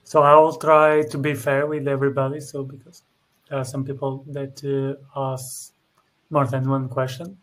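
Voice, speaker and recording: A man co-hosting a webinar, reading out audience questions in a measured, hesitant way. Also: medium pitch, monotone. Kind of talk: moderating Q&A.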